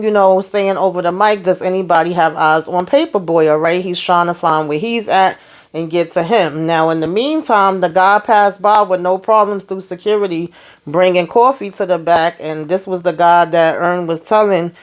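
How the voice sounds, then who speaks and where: A woman hosting a casual TV review, chatting through an episode recap and quoting characters with shifts in her voice. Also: on the low side. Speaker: TV review host.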